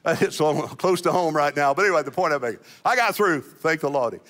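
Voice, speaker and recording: A man's voice: fairly high pitch, animated, normal speed, pauses often, fairly bright tone. A middle-aged man, a senior pastor, preaching a sermon in a church in a folksy, self-deprecating way, often restarting and repeating his words. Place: church sanctuary. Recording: long church hall reverb.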